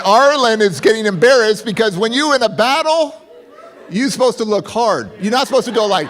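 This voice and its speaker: A middle-aged man giving a motivational keynote, his voice sitting a bit high for a man. He tells the story with lots of animation and suddenly leaps up in pitch to act out other people's lines. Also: fairly quick. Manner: animated, acts out quoted voices with big pitch jumps. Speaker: motivational speaker. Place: conference hall stage.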